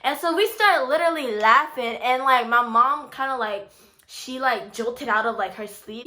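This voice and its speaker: Young woman YouTuber, 20s, casual storytime, bright voice, rambling "like" fillers. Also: fairly high pitch, moderate pace. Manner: chatty, full of "like" and "you know"; animated, voices the quoted family with rising excitement.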